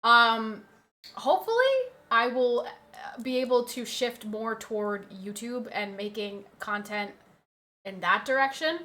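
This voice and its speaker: Bright high-voiced woman livestreamer. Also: steady tone, unhurried. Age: 20s. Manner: chatty, reads out and answers chat, laughs often. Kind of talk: casual livestream chat.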